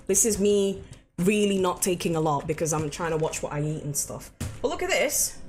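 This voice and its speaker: A young woman talking casually to her stream audience in a mid-range voice. She rambles cheerfully, drops swear words freely and breaks into laughter often. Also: mid-range voice. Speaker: game streamer. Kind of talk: casual live-stream chat.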